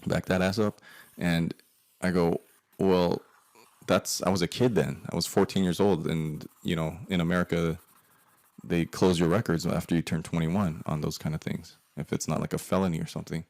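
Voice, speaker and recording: Deep gravelly man telling a profane story. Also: little pitch movement, moderate pace, darkish tone. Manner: profane, emphatic, mutters curses under his breath. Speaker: guest speaker. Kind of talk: personal storytelling talk.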